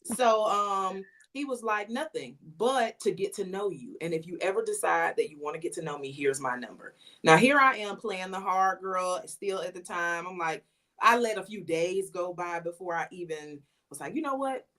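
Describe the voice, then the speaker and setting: A woman's voice: on the low side, moderate pace. A woman guest on a podcast, casually telling a personal story and acting out the messages she quotes. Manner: lively retelling, acts out quoted messages.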